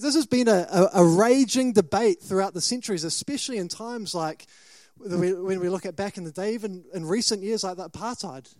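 A man's voice: high voice, darkish tone, no echo. A man with a New Zealand accent preaching a sermon, questioning and dramatic, rising to emphatic bursts.

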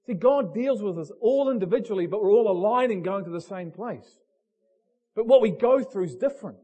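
A man's voice: sits high, expressive, a little fast, dark tone. A man preaching a passionate sermon, talking bluntly and asking the congregation direct questions. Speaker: pastor.

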